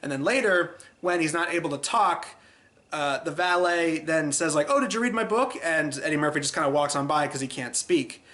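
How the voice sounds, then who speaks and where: A man's voice: a little high, fairly even intonation, moderate pace, pushed and bright. A man hosting a casual film review, chatty and exasperated, acting out scenes as he goes.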